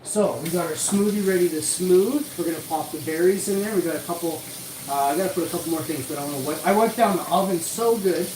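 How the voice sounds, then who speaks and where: A Canadian man chats and grumbles at length while making food at home, rambling and sure of himself. His voice sits back from the camera mic in an echoey room. A steady hiss of household noise runs underneath. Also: on the high side, quick pace, far from the mic. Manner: rambling, complaining, self-assured. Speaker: streamer. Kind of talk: casual kitchen vlog talk. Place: home kitchen, cooking.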